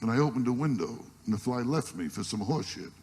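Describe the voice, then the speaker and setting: A man's voice: mid-range voice, animated, brisk. A man doing a stand-up comedy set on stage, firing off one-liners in an exasperated, complaining way. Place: live stage before an audience. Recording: noisy archival live recording.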